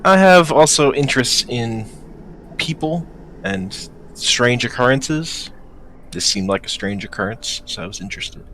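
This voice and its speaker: A man speaks very slowly and hesitantly while playing his character in a tabletop game. A faint noise runs under the voice chat. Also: medium pitch, animated, fairly bright tone. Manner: hesitant, with fillers. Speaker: player. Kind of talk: in-character tabletop role-play. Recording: noisy voice chat.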